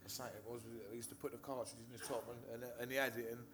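A Hertfordshire man speaks very fast in a mid-range voice with little pitch movement. Standing on a meeting-hall stage, he shares his recovery story as personal testimony to a live audience, sounding nervous, swearing frequently and often restarting sentences.

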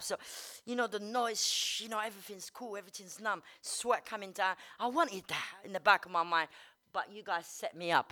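A woman giving a blunt, candid personal recovery testimony, swearing freely and dropping many "you know"s. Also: medium pitch. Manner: fast and energetic, rising and falling in loudness. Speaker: speaker sharing at a recovery meeting.

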